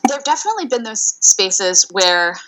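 A woman career coach answering interview questions in a thoughtful way, with frequent fillers and pauses. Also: medium pitch, sing-song, fairly bright tone, low-quality recording. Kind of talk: podcast interview.

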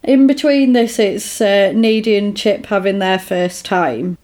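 A woman's voice: mid-range voice, measured pace, a little mellow. A woman casually retelling a film plot in a chatty podcast, with lots of fillers.

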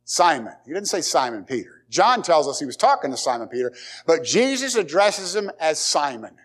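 A man's voice: on the high side, sing-song, moderate pace, fairly bright tone. A man preaching a sermon as pastor, emphatic, repeating key words and asking the congregation rhetorical questions.

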